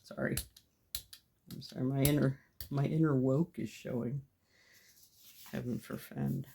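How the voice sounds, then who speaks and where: In a home craft studio, a woman with a mellow bass voice and flat delivery speaks at normal speed over slight background noise. A mixed media artist, she casually narrates her gel plate printing, chatty and often laughing at herself.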